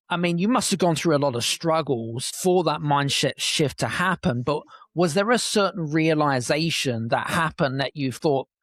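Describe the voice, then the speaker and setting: A male interview host with a fairly high voice asks long questions, circling back and rephrasing as he goes. The sound is dry and close. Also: no room sound. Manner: rambling, restarting questions.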